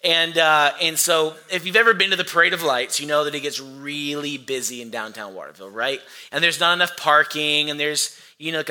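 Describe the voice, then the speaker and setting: A male pastor in his thirties delivers a sermon through a personal story. His voice is strongly bright and forceful and sits slightly high. He tells it with animated energy, putting on voices as he goes. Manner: animated storytelling, acting out quoted voices loudly.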